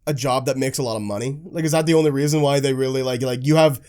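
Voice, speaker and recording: A podcast co-host in casual chat, blunt and quick to react, swearing freely. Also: mid-range voice, dark tone.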